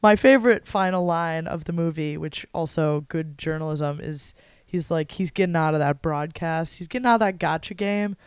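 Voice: medium pitch, normal speed, smooth, no echo. Sarcastic, mock-dramatic podcast co-host. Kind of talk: casual chat.

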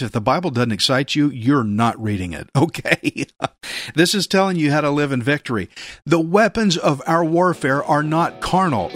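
A male pastor preaching a radio sermon, earnest and emphatic, slowing down to read scripture. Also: on the high side, fairly bright tone, no echo, clean studio sound.

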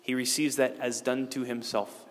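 A middle-aged priest giving a homily in a conversational way, with casual fillers and restarts. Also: male voice, mid-range voice, level tone, normal speed. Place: church. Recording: long church reverb.

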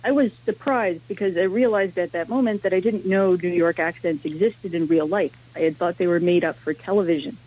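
A woman's voice: on the low side, brisk, few pauses, a little mellow. A woman academic, a language historian, explaining her subject as a radio interview guest. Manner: explanatory, lecturing. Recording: dull lo-fi radio sound.

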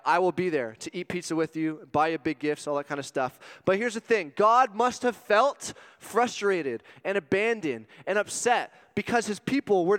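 A man preaching a sermon as a youth pastor, animated and joking, swinging between loud exclamations and hushed asides. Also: high-pitched, clean tone. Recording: long reverb of a hall.

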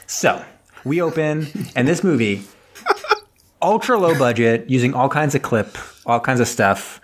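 A man's voice: mid-range voice, lively intonation, unhurried. A man co-hosting a podcast from home over an internet call, recapping a movie in a rambling, laughing way with many restarts. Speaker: podcast co-host. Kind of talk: casual movie recap chat.

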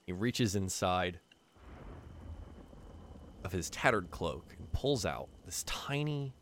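A man narrating as game master of a tabletop game, telling the scene in a lively storytelling way with fillers and restarts. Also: low voice, slow pace, a little hiss or hum.

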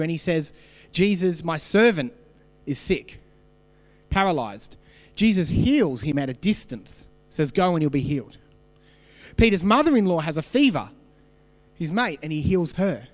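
A man's voice: high-pitched, long reverb tail. An Australian man preaching a sermon, telling stories in a conversational way and putting questions to the congregation. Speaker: pastor.

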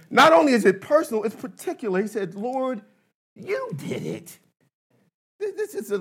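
Preacher, man in his fifties, fairly high voice, fervent and emphatic with shouted peaks and playful asides. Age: 50s. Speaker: pastor. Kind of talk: sermon.

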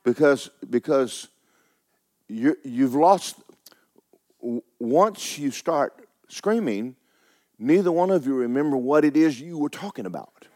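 A man preaching a sermon, with folksy asides, rising loud to stress a point and dropping low to tell a story. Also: expressive, takes it slowly. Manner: folksy preaching, rises loud for emphasis, drops low for stories. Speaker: pastor.

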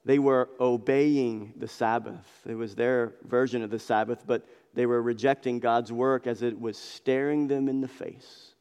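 A man's voice: medium pitch, steady tone, unhurried, few pauses, a little mellow, clean tone. Impassioned male preacher in a reverberant hall. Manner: impassioned, emphatic, repeats phrases for emphasis. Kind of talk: expository sermon. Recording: long reverb of a large hall.

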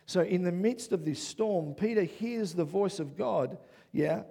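A man preaching a sermon as pastor, who often checks in with "yeah?" and builds to loud, excited passages. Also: high-pitched, a little slow, gravelly, husky.

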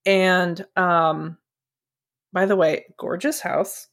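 A woman's voice: lowish voice, fairly even intonation, extremely slow. Chatty, laughing woman podcast co-host. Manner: chatty, laughing, sweary retelling. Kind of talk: casual movie chat.

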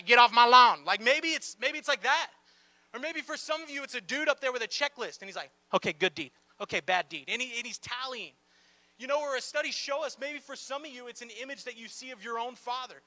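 A pastor preaches to a church gathering in a large room, animated and conversational, with playful asides and lots of "like" fillers. His voice is very high, and his pace is brisk.

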